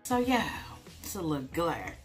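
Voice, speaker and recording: Young woman, casual vlog, animated swooping voice, soft music behind, phone camera. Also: low-pitched, normal speed. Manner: chatty and emotional, talks to viewers as y'all. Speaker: vlogger. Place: indoors at an animal hospital.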